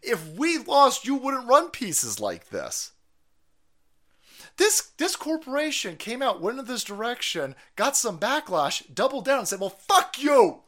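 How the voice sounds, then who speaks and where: Male streamer host, angry profane rant, high voice with big swings. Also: huge pitch swings, unhurried. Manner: angry, profane, shouting bursts. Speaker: livestream host. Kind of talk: ranting livestream commentary.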